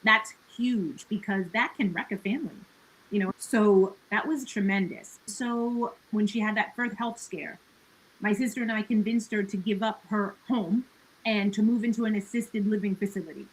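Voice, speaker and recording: A woman's voice: medium pitch, normal speed, rough recording. A woman talking as a podcast guest in a casual conversation. She is earnest and reflective, with many "like" and "you know" fillers and laughs between her thoughts.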